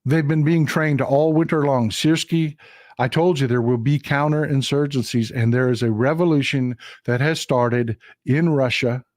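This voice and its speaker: Talking through a map on his live-streamed political show, this man from Texas is emphatic and repeats phrases to drive points home. He has a mid-range, slightly mellow voice with fairly even intonation at a normal speed, recorded with clean studio sound and no room sound.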